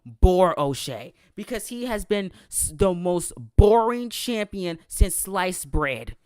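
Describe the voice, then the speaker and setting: A man's voice: high-pitched, dry recording, studio quality. A man voicing an indignant, theatrical male wrestling fan who stammers through mock outrage, read out on a podcast. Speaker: podcast host reading a listener email. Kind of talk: exaggerated dramatic reading.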